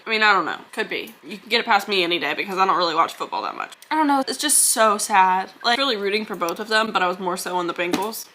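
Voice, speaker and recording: Bright, chatty young woman vlogging. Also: medium pitch. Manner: chatty, rambling, self-deprecating. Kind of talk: casual vlog chat to camera. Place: at home indoors.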